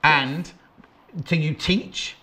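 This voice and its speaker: A man's voice: a little high, fairly even intonation, very slow, sharp tone. A male TV sewing-show host presenting fabrics in a gushing, rambling way, often breaking off mid-sentence. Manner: gushing, rambling, self-interrupting. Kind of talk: live shopping-channel presenting.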